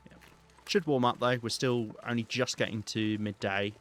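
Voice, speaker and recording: A man's voice: medium pitch, steady tone, normal speed, soft background music. A British man streaming a survival game, rambling and thinking aloud as he plays, with many ums and restarts. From Britain. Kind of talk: live gameplay commentary.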